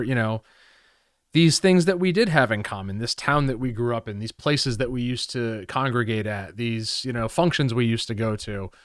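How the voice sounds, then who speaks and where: Late 30s guy co-hosting a podcast, smooth clear voice, dry close mic, thoughtful and measured. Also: medium pitch, no echo. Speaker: podcast co-host. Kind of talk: casual chat.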